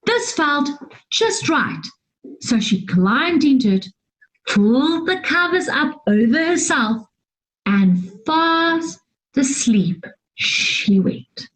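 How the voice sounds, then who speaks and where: A woman reading a children's story aloud, expressive and drawn out, with gasps and sighs. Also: sits high, low-quality recording. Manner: slow and animated, with gasps and sighs.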